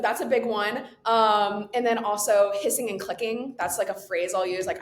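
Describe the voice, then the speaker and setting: A young woman guesting on a podcast, chatting in a bubbly, quick way, laughing often and saying "like" a lot. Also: steady tone. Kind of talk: casual chat. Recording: echoey room with faint rumble.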